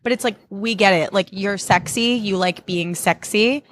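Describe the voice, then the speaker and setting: Woman, podcast host, casual chat, blunt, sarcastic, mid pitch. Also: moderate pace. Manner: blunt, sarcastic, swears freely.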